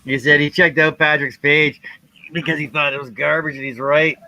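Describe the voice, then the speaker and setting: A man's voice: on the high side, fairly even intonation, normal speed, lo-fi sound, background noise. A man on a live stream panel who teases the host and reads chat messages aloud. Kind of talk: casual chat.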